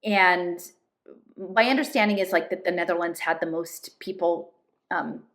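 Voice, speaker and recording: A woman reading a novel aloud and pausing for thoughtful, measured commentary. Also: on the low side, fairly bright tone. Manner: thoughtful, measured asides with fillers. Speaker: reader and commentator.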